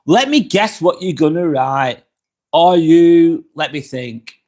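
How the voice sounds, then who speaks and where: Very animated and a little slow, a middle-aged man with a fairly high voice reads viewer comments on his casual live vlog. He's at home in an apartment, speaking frankly and swearing freely.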